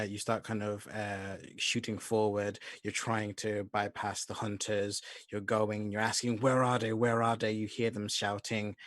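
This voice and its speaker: A man runs a tabletop game, narrating scenes in a soft, measured way. His voice sits a little low, but it has a bright, forceful edge. The recording is dry, with no room sound. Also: no echo. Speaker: game master.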